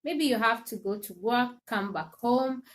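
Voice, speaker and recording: A woman's voice: fairly high pitch, measured pace. A woman hosting a livestream, chatting casually and animatedly, laughing often and speaking directly to her viewers. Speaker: livestream host.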